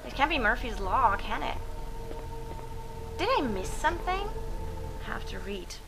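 A woman giving casual let's play commentary, chatty and narrating her own moves, with quick frustrated exclamations. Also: fairly high pitch, very animated, vocal fry, music in the background, poor audio.

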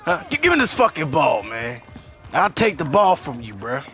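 A man's voice: a little high, wildly swooping pitch, moderate pace, fairly bright tone, faint music behind. A man putting on a voice as a cocky, older-sounding streetball trash talker, taunting and boasting profanely over game voice chat.

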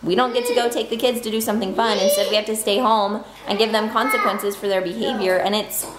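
A woman's voice: mid-range voice, steady tone, quick pace. A woman in her thirties, a mother talking candidly to the camera at home in a casual, chatty family vlog. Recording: roomy home recording with noise.

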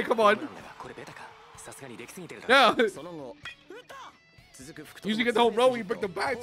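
A young man hosting an anime reaction, talking in an excitable, casual way, swearing a lot and laughing often. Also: very high-pitched, measured pace, pauses often, soft background music.

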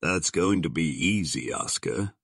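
A man's voice: deep voice, lively intonation, unhurried, a bit bright, breathy edge, dry recording, clean studio sound, exaggerated voice. A man voicing a sardonic male gangster boss who drawls his threats in slang. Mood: menacing.

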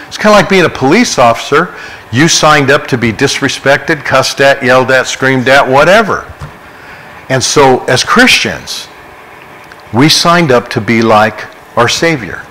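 Middle-aged man, pastor, Bible study, earnest conversational preaching, mid-pitched voice, faint background noise. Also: lively intonation, unhurried, pushed and bright, poor audio. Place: church.

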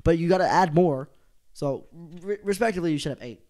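Man, podcast co-host, casual banter, quick joking delivery, rapid speech. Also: on the high side, lively intonation, a little mellow. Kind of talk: casual chat.

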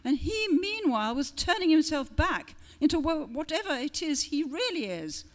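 A woman author reading her own first-person fiction aloud at a literary event, with lively, expressive storytelling that shifts tone for different characters. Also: sits high, normal speed.

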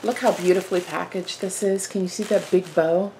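A woman hosting a casual craft haul vlog, talking excitedly and gushing, sometimes dropping to a soft whisper. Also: on the low side, a little fast, vocal fry, a little hiss or hum. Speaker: flosstube host.

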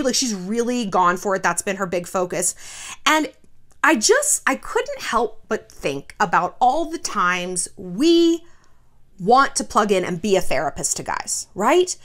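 A woman hosting her own vlog, chatting casually to the camera and saying "like" a lot. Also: on the high side. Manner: chatty, animated, says "like" often. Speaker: vlog host.

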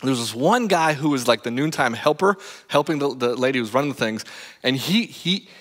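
A man preaching an animated sermon as a pastor, acting out stories and checking in with his listeners. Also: medium pitch, a little fast. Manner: animated, acts out stories, talks to the crowd with "right?". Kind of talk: lively storytelling sermon. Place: church sanctuary. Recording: long reverb of a church hall.

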